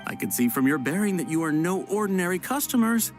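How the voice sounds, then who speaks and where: An actor voicing an overly polite tea shop vendor in a video game, with a smooth sales pitch that stammers when things go wrong. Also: sing-song, fast talker, natural voice. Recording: game audio with faint music.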